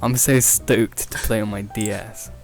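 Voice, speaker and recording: A young man hosting a podcast, rambling through an improvised absurd comedy story, often laughing at his own jokes and leaping up in pitch when he quotes people. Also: fairly even intonation, measured pace, a little mellow, soft background music. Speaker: podcast host.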